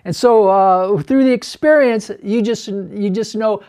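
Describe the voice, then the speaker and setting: A man teaching about deliverance ministry in an earnest, plain-spoken way, dropping his voice low and hushed when quoting others. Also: unhurried, clean tone. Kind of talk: teaching talk to camera.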